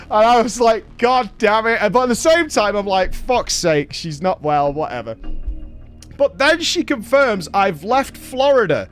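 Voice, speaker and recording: A man from Britain, hosting a show and telling a story in a casual recap, animated and swearing freely. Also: sits high, measured pace, faint music behind. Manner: animated, swears freely, acts out quoted dialogue. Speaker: show host.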